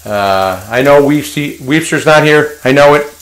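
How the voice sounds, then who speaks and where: A man's voice: fairly high pitch, measured pace, fairly bright tone, rough recording. A middle-aged man hosting a casual home cooking vlog, chatting to viewers, repeating himself and calling them guys. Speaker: home cook, channel host. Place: home kitchen.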